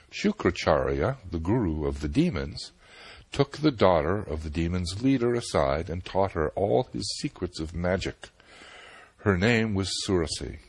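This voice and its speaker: A man calmly narrating a myth, acting out the characters' lines in measured storytelling. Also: sits low, slightly rough, dry recording. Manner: calm, measured storytelling with voiced dialogue.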